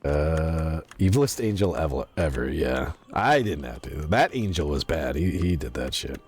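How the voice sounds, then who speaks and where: A man's voice: rumbling low, lively intonation, normal speed, darkish tone, slightly rough. A young man streaming a game, telling stories casually, swearing a lot and laughing often. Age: young adult. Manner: profane, laughing storyteller. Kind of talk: casual gaming stream chat.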